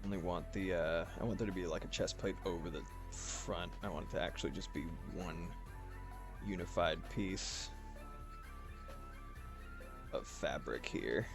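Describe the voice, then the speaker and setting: A man's voice: sits low, a little slow, vocal fry, pauses often, music in the background. A man streaming as an artist, chatting casually and rambling while he draws, swearing freely. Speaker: art streamer. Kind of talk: casual livestream chat while drawing.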